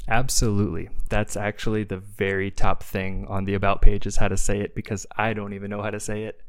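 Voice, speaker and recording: A man with a very low, smooth, clear voice chats casually as a podcast guest. He talks in an even, level tone, relaxed and enthusiastic, dropping the odd filler. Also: a little fast. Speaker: guest, webcomic creator and developer. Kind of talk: casual interview conversation.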